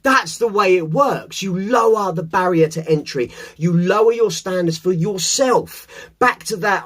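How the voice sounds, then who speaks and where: Playful host, high and lively, cursing his way through a pep talk to camera. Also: measured pace. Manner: swears often, animated and playful. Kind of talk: casual motivational monologue to camera.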